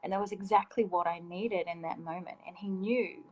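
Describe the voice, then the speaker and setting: A woman's voice: on the low side, fairly even intonation, a little fast, breathy edge, poor audio. A woman in her thirties telling a personal story in a casual chat, open and emotional. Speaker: guest.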